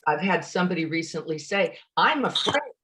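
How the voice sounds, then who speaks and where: A woman teaching open awareness meditation in a lively, energized way, often asking the listener rhetorical questions, over a video call. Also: fairly low pitch, moderate pace. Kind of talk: meditation dharma talk.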